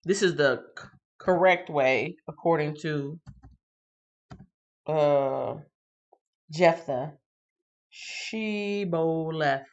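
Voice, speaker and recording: A woman reading the Bible on a livestream and chatting with viewers in a casual, animated way. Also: deep voice, slow pace, pauses often, dull audio. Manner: chatty, addresses viewers directly; animated, laughs and greets viewers. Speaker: livestream host.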